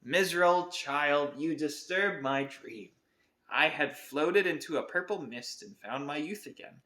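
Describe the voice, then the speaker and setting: A man voicing a sleepy, grumpy old man in a storybook, speaking slowly. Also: fairly high pitch, animated, pushed and bright. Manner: slow, grumbling, dreamy. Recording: roomy echo.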